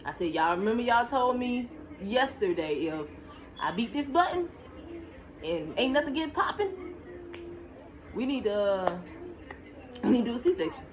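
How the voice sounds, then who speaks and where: A woman's voice: normal speed, long pauses, background noise. Young woman telling a storytime. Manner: animated, pitch jumps high when reliving tense moments; talks to viewers directly, shushing her child between lines. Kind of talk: casual storytime to camera.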